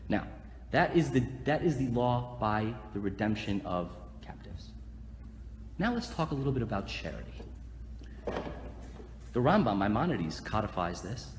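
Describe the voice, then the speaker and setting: A rabbi teaching a live Torah class, joking and putting questions to his listeners. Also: medium pitch. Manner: animated, joking, asks the audience questions. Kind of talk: lively live Torah lecture. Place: lecture hall with live audience. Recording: echoey hall, faint room noise.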